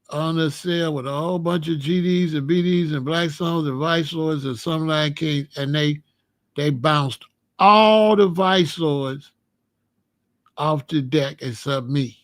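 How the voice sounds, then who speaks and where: Man, higher voice, dry close sound, casual storytelling monologue, animated, profane, laughing. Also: slow, no room sound. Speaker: channel host telling a prison story.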